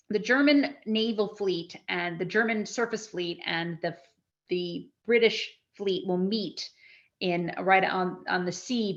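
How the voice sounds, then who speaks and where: Woman, history lecturer, chatty and animated, talks to a live audience, muffled recording. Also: medium pitch. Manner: conversational, animated, with restarts.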